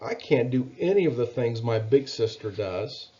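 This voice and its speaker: A man's voice: mid-range voice, lively intonation, normal speed, mellow, dull audio, lightly acted. A man voicing a shy, tearful little boy who sniffles in a small voice. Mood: sad.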